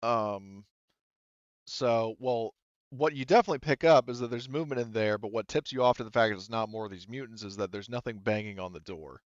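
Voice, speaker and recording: A man with a low, smooth, resonant voice narrates a tabletop game as its game master, often pausing with ums and restarting his sentences. The sound is dry and close, with a slightly dull, lo-fi quality. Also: dry recording. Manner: hesitant, many ums and restarts while describing scenes.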